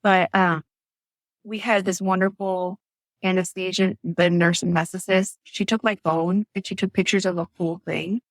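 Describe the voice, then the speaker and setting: A woman's voice: fairly low pitch, steady tone, normal speed, dry recording, poor audio. A woman guest on a podcast, telling her story in a chatty, casual way, often laughing and acting out what others said. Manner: chatty, lots of fillers.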